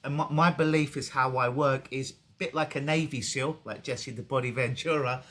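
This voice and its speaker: A man's voice: mid-range voice, steady tone, normal speed, a bit bright. A man with an English accent, a clinical hypnotist talking casually in an interview over a video call, vivid and joking, with the odd swear word. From England.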